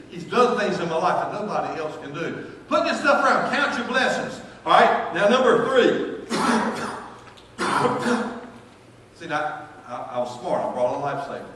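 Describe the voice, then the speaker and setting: Bright-voiced pastor preaching in echoey church. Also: male voice, fairly high pitch, slight background noise. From North Carolina, US. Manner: animated preaching, swings from loud to hushed. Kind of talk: sermon. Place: church sanctuary. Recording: echoey church hall, from far off.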